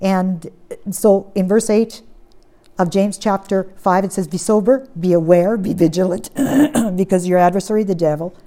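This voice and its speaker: A woman preaching a sermon, reading scripture aloud and pressing points with strong stress that drops to quiet, steady lines. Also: mid-range voice, moderate pace. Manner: emphatic, swings from loud stress to quiet.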